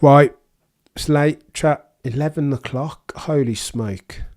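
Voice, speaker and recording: A man's voice: fairly high pitch, takes it slowly, a little mellow. A young man with a Birmingham accent chatting casually with viewers on a live race watchalong, reading out comments and making dry quips. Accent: Birmingham English. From England. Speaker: livestream host.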